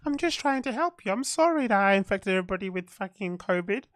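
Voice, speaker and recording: A man putting on a soft, meek, apologetic voice to mock someone as falsely innocent. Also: sits high, animated, fast talker, dry recording, studio quality, pitched above the performer's own voice. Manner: sarcastic, whiny mock-innocence.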